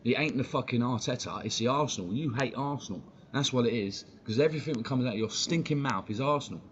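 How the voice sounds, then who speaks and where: Male stream host, heated sweary rant, mid-pitched, dull lo-fi mic. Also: fast talker, hardly any pauses. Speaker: fan channel host. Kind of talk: ranting live-stream commentary. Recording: dull lo-fi stream audio with faint noise.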